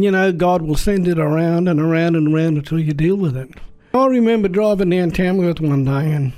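Earnest Australian evangelist man, high voice. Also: mellow. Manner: earnest storytelling, acts out dialogue. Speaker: Aboriginal evangelist. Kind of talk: personal testimony.

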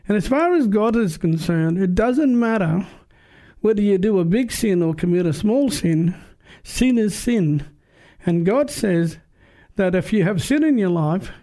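A man's voice: high-pitched, mellow. A man preaching and giving his personal testimony in an earnest, emphatic, plain-spoken way. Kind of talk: testimony sermon.

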